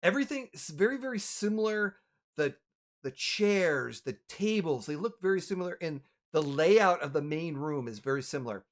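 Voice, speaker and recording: A man's voice: on the high side, expressive, moderate pace. A man narrating as the game master of a tabletop game, rambling and correcting himself as he goes.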